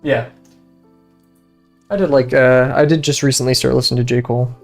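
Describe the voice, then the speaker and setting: A young man streams from his bedroom at home, chatting loosely while he draws, in a steady, mid-range voice at a slightly fast pace. Easily distracted, he rambles with many fillers and restarts and laughs often. Faint music plays in the background.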